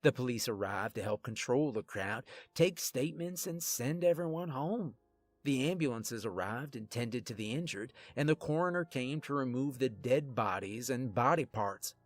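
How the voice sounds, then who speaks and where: A man telling a first-person story in a deadpan way, with wry asides to the listener. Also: medium pitch, no echo.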